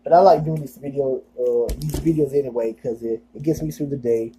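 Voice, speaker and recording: A man's voice: medium pitch, brisk, warm tone, slight background noise, rough recording. A young man vlogging in a casual, rambling monologue, full of fillers and self-deprecating asides.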